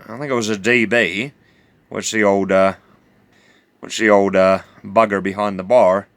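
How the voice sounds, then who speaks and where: A man's voice: on the low side, steady tone, a little slow, clear, resonant tone, dry recording. A man with a New Zealand accent telling a rambling, drawling yarn full of fillers and self-corrections. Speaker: storyteller.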